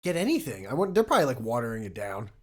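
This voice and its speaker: A man chatting casually as a podcast guest, telling animated stories and laughing a lot. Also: medium pitch, rapid-fire.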